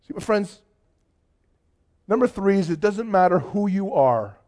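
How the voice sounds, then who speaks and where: Guy pastor with a pretty high voice, preaching and storytelling, gets fired up. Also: a little slow. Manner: storytelling, builds from quiet to animated. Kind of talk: sermon.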